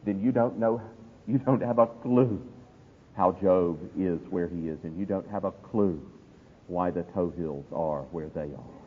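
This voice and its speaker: A man preaching a sermon, building to loud climaxes and then dropping to near hushes. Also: low voice, measured pace. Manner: impassioned preaching, swinging from loud climbs to hushed drops. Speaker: pastor. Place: church. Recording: husky voice over a tinny, echoey hall line.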